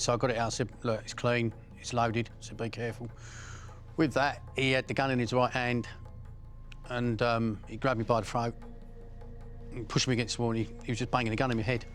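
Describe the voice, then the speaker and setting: A middle-aged man with an Essex accent, bluntly recounting crime stories, swearing and restarting often. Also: medium pitch. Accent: Essex English. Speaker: interviewee.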